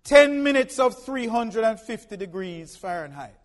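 A man preaching a sermon from the pulpit, folksy and humorous, swinging from soft asides to loud emphatic lines. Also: sits high, sing-song, moderate pace, in a large hall. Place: church pulpit.

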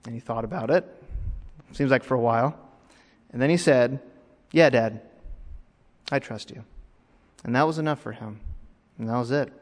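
Dramatic preacher, swinging hushed to raised. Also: male voice, mid-range voice, a little fast, pauses often, big-room sound. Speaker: pastor. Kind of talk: sermon.

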